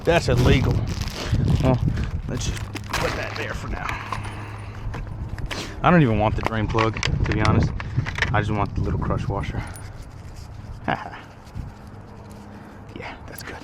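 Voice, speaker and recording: A man's voice: on the low side, fairly even intonation, normal speed, pauses often, very noisy. A man casually talking to himself and his viewers in a joking way while working on a car outdoors. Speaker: DIY car repair vlogger. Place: outdoors on a windy day.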